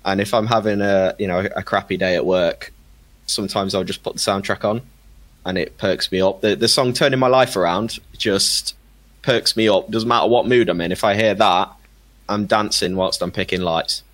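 A man's voice: on the low side, steady tone, normal speed, a bit bright. A man chatting casually on a podcast, enthusiastic, laughing often and stumbling over repeated words. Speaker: podcast regular recommending a film. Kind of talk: casual chat.

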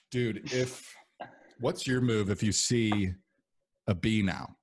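A man's voice: fairly low pitch, takes it slowly, slight background noise. Profane rambling man in casual chat. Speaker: podcast co-host.

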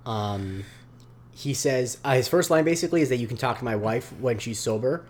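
A man's voice: mid-range voice, darkish tone. A man co-hosting a podcast, recapping a TV episode in casual chat, rambling with lots of fillers. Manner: rambling, filler-heavy, slips into quick voice impressions. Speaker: podcast co-host.

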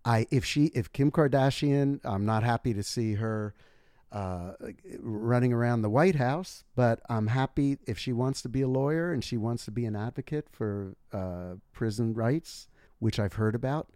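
A man talking as an interview guest, thoughtful and measured, explaining his views carefully. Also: mid-range voice, dark tone, dry recording, clean studio sound. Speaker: guest author. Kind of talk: casual interview talk.

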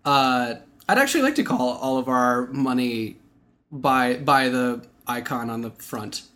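A man's voice: mid-range voice, animated, unhurried, fairly bright tone. A young man co-hosting a podcast in casual chat, playful, laughing often and rambling with restarts. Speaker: podcast co-host.

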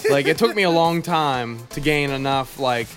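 A man's voice: medium pitch, normal speed, faint music behind. A man in casual chat among friends, rambling with restarts, laughing and swearing.

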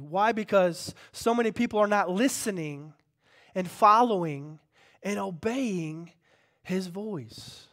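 A male pastor preaching with a notably high voice. He moves from quiet, low passages to loud, fervent peaks, calling questions out to his congregation. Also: normal speed. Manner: impassioned, swings from hushed to loud, calls out to the congregation. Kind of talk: sermon.

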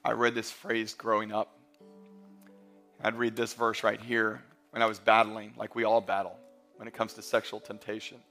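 A man in his thirties preaching a sermon as pastor, emphatic and building to loud peaks, mixing in humorous stories. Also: fairly low pitch, monotone, moderate pace, soft background music. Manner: emphatic, rising to near-shouting peaks; storytelling with humor and quoted voices.

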